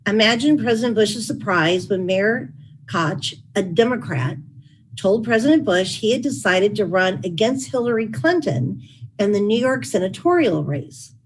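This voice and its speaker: A woman's voice: medium pitch, expressive, normal speed, husky, low-quality recording. A middle-aged woman reading wry, dry-humored anecdotes from her own book at a public talk. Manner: wry storytelling with dry asides. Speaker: author and former chief of staff.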